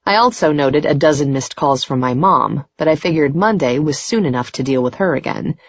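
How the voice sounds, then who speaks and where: Low husky woman narrating a romance audiobook. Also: expressive, a little fast, dry recording, highs cut off. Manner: intimate, emotional, rising to tearful in dialogue.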